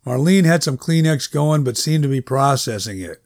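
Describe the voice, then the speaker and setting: A man's voice: mid-range voice, expressive, moderate pace, a little mellow, dry recording, studio quality. A man narrating a story in a conversational, wry storytelling manner. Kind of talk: audiobook narration.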